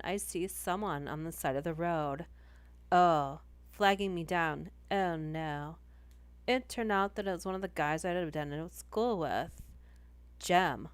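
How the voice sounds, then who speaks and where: A woman's voice: lowish voice, no echo. A woman putting on a ditzy young valley girl voice to read a horror story aloud, drawling with lots of "like". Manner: drawling, filler-heavy "like" and "and junk".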